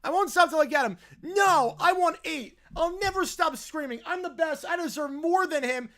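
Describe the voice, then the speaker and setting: A man voicing a whiny, bratty little boy who screams his demands over and over in a shrill whine. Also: moderate pace, fairly bright tone. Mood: whining. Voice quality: shrill whining.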